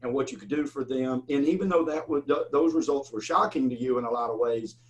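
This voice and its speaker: Male host, mid-pitched, loose storytelling delivery. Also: brisk, low-quality recording. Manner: rambling, stammering restarts, storytelling. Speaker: podcast host. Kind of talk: casual interview chat.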